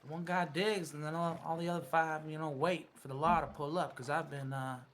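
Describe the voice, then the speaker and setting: A man plays a plain-spoken outlaw in role-play. His voice is fairly high, and his delivery is matter-of-fact over a faint hum. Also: steady tone, fairly quick, a bit bright. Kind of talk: in-character western role-play.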